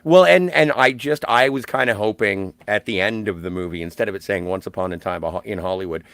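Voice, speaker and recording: A man's voice: lowish voice, fairly quick, creaky, a bit bright, dry recording. A man co-hosting a podcast, talking about a film emphatically and swearing freely. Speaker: podcast co-host. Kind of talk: casual film discussion.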